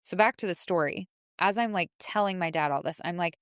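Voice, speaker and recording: A woman's voice: lowish voice, brisk, clean tone, no echo, studio quality. A woman hosting a podcast, telling a personal story candidly and emotionally, with frequent restarts. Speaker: podcast host.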